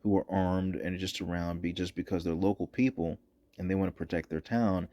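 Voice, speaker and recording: A man's voice: low voice, fairly even intonation, brisk, dark tone, lo-fi sound. A man giving opinionated commentary over footage, emphatic and repeating his points for stress. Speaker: political commentator.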